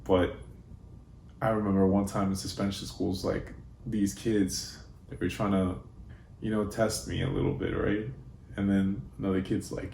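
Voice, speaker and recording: A young man telling personal stories in a relaxed, laid-back way, with frequent fillers. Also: low-pitched, moderate pace, creaky, a little hiss or hum. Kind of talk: casual personal storytelling. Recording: roomy with faint ambience.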